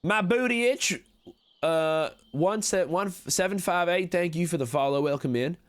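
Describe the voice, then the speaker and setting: Here the same kind of role appears: a man voicing a slick, smooth-talking adult cowboy conman on a game roleplay stream. He pitches his voice high, above his own, and keeps a measured pace while laying on a fake American Western drawl and folksy, wheedling sales talk, all with a scheming air.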